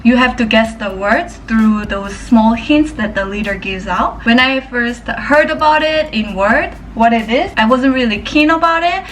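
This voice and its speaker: A woman's voice: a little high, animated, measured pace, hardly any pauses, fairly bright tone, slight background noise. A woman from Korea, chatting casually and thoughtfully in a vlog. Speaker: vlogger. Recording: distant mic with music. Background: background music.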